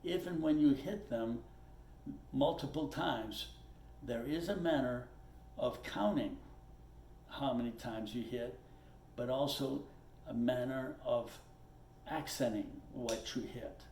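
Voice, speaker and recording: Speaking slowly with a darkish tone in the middle of his range, a man teaches drums from his kit. He is patient and plainspoken, going through things step by step, repeating himself and saying "okay" to check in, while the room gives an echoey sound with a little background noise.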